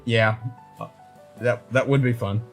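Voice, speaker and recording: A man hosting a casual whisky chat, blunt and quick to swear, laughing often. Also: mid-range voice, steady tone, soft background music. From Australia. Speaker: host.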